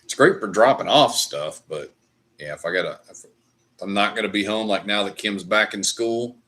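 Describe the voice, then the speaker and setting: A man's voice: fairly low pitch, normal speed, a bit bright. A middle-aged man hosting a livestream, chatting casually over whiskey in a rambling, profane ranting way. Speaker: livestream host. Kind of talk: casual chat while drinking whiskey.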